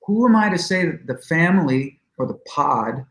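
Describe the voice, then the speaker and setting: A man speaking as a guest in an interview, telling a story in an earnest, halting way with many restarts. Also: fairly high pitch, expressive, fairly bright tone. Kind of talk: casual interview talk. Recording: roomy echo.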